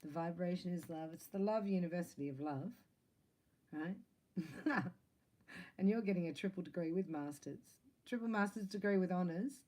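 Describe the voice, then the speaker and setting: Female psychic reader, low mellow voice, chatty and playful with laughs. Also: poor audio. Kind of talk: casual spiritual reading to camera.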